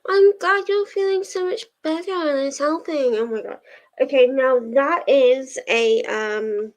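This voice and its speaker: A woman's voice: sits high, unhurried, rough recording. A young woman hosting a live stream, chatting casually with viewers, laughing often and getting teary. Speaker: livestream host of reading sprints. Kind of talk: casual chat to a live audience.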